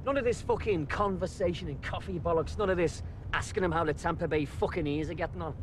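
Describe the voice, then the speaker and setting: An actor playing a swaggering, foul-mouthed gangster, speaking inside a car. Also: male voice, a little high, quick pace, a little hiss or hum, lightly acted. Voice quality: coarse, swearing constantly. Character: brash, swaggering, profane Liverpool gangster man. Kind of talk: film dialogue.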